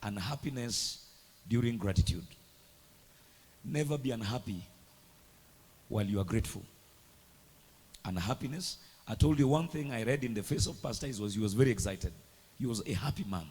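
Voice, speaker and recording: A man preaching a sermon, dramatic and emphatic, swinging between hushed and loud lines. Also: mid-range voice, big pitch swings, normal speed, long pauses, husky. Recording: echoey hall with long reverb.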